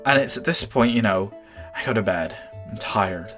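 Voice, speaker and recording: A young man telling a storytime anecdote, exasperated and swearing, with animated outbursts. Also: on the low side, normal speed, loud music behind the voice. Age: young adult. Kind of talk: storytime vlog.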